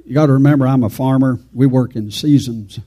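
Folksy preacher with a mellow voice. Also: male voice, medium pitch, fairly quick, slightly rough. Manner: folksy, rambling, talks to the congregation. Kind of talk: informal folksy sermon.

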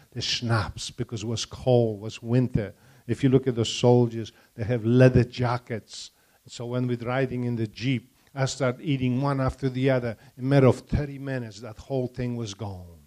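A man's voice: mid-range voice, a little mellow. An older man from Poland with a Polish accent and broken English, giving a testimony to a church audience and stopping to put questions to the listeners.

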